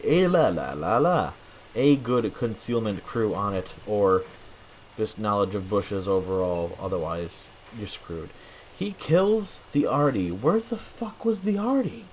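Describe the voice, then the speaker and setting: A tired young man talking through his own tank game in a flat, monotone commentary, swearing now and then. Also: on the low side, a little hiss or hum. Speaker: gameplay commentator. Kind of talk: gameplay commentary.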